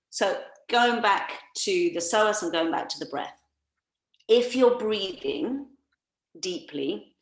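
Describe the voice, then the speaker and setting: A woman massage therapist leading a workshop, calmly coaching listeners through guided breathing on a video call. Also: mid-range voice, roomy sound, poor audio.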